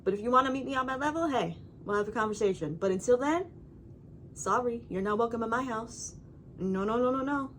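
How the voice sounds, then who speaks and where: A woman's voice: on the high side, fairly quick, a little hiss or hum. A woman talking to her camera at home in a casual, rambling monologue. She is emphatic and keeps checking in with "right?" and "you know". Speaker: vlogger.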